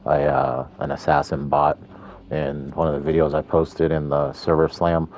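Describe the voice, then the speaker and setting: A man with an extremely deep, low voice, still groggy from the morning, talks through a game in a casual commentary. He rambles along unhurried, filling pauses with ums. A faint noise sits behind him. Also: darkish tone. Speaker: gameplay commentator.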